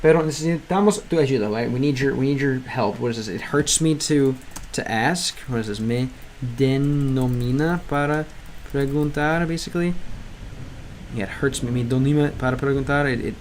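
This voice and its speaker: A man with a medium-pitched voice talks briskly while livestreaming a game he's using to learn Spanish. He rambles and hesitates, full of ums and restarts, translating lines aloud and answering chat casually. A little hiss or hum sits under the audio.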